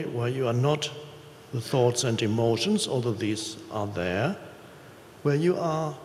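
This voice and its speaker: A man of medium pitch speaks in calm, measured phrases, pausing often as he talks about spiritual presence. The recording is roomy and reverberant, as if captured in a large hall. A faint ambient hiss sits underneath. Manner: calm, measured, with deliberate pauses. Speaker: speaker on stage. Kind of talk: spiritual talk.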